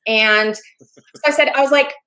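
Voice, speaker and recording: A woman with a somewhat high voice tells a story on a podcast. She is animated and often laughs as she acts out the other people's voices in a casual, chatty way. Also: a little slow, rough recording. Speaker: podcast guest.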